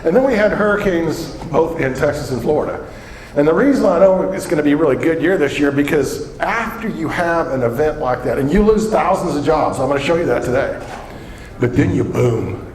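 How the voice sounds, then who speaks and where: A man with a somewhat high voice delivers a lively, joking keynote on a stage microphone. He tells stories and throws questions at the audience, and his voice rings through a big echoey conference hall. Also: a little fast. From southwestern Colorado. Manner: energetic joking storyteller, quizzes the audience. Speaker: keynote economic speaker.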